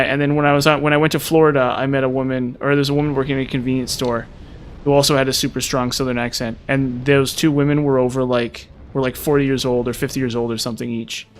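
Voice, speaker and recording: A man's voice: mid-range voice, slight background noise. A man with a mild Utah accent, chatting casually with viewers on a live stream. He rambles, repeats words and uses many fillers. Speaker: gaming streamer.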